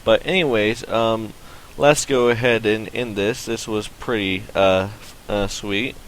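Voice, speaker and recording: A man hosts a casual podcast roundtable in a lowish voice. He talks in a relaxed, hesitant way, full of filler sounds. Faint noise sits behind the recording. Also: a little slow, low-quality recording. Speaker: podcast host.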